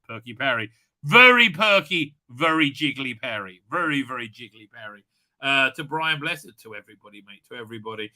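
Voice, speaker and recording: Man, live stream host, bright tense voice, rambling, stammering, chatty, at home. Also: a little high, expressive, fairly quick. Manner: rambling, stammering, laughs often. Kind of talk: casual live stream chat reading comments.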